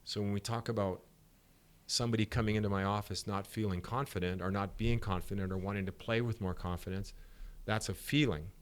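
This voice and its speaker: Appearing as a guest on a podcast interview, a middle-aged sport psychologist with a deep voice illustrates his points with lively stories, voicing the dialogue himself.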